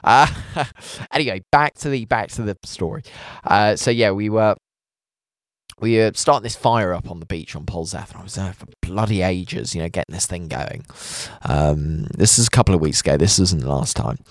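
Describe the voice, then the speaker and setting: A man's voice: sits low, normal speed, dry recording. A young man hosting a radio show, rambling through self-mocking anecdotes in a chatty studio style.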